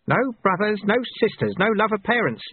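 A man's voice: high voice, very animated, fairly quick, slightly rough, pitched above the performer's own voice, heavily acted. A man voicing a wry old male sweeper monk who talks in a mild, knowing way and quotes sayings. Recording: tinny phone-like audio.

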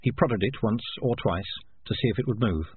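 Husky man narrating an audiobook. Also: on the low side, moderate pace. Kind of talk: scripted narration. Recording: tinny phone-like sound.

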